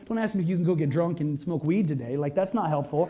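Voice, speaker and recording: A man's voice: sits high, animated, a little fast, few pauses, a little mellow. A male pastor preaching a conversational sermon to a congregation, full of rhetorical questions and emphatic peaks.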